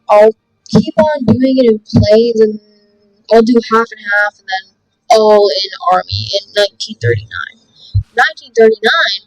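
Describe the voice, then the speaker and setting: High-voiced woman doing game commentary. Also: dry recording, poor audio. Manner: reads game text aloud with jokey asides. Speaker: gaming video host. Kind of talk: let's play commentary.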